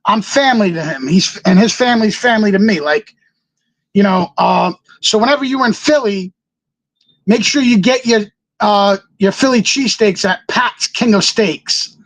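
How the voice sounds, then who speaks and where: High-voiced man telling a lively story. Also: normal speed, no room sound, low-quality recording. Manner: animated storyteller acting out what others said; loose, rambling, laughs often. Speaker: guest, pro wrestler. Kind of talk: casual interview storytelling.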